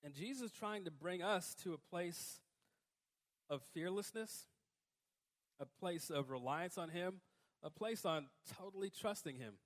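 A man preaching a sermon in a conversational way, breaking into emphatic, louder outbursts. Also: sits high, a little slow. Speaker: pastor.

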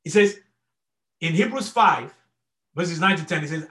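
A man's voice: a little high, expressive, a little slow, long pauses, a bit bright. Earnest male preacher in an echoey room. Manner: earnest, repetitive restarts, frequent "okay?" check-ins. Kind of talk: sermon.

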